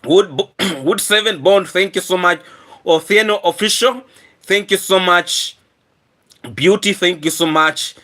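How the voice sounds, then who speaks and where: A hoarse man chatting on his live stream, his raised voice sharp and bright despite the rough throat. He keeps clearing his throat and thanks viewers over and over in an earnest, repetitive way. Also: high voice, a little slow.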